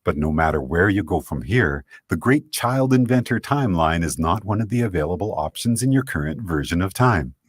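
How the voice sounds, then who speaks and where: Deep-voiced male explainer narrator. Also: a little fast, hardly any pauses, slightly rough, dry recording. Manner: steady, explanatory. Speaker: narrator of a played video.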